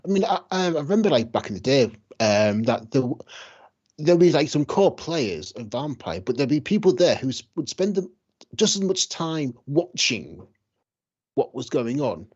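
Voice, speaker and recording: A man from the United Kingdom hosting a podcast, chatting casually and asking lively questions. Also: medium pitch, moderate pace, breathy edge, muffled recording. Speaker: podcast host.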